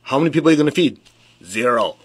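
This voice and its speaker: A man's voice: mid-range voice, fast, slightly rough. A man, a spiritual teacher, giving a conversational motivational talk on a phone livestream, with rhetorical questions and direct address to the audience. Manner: calm guided affirmations. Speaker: spiritual teacher leading a meditation.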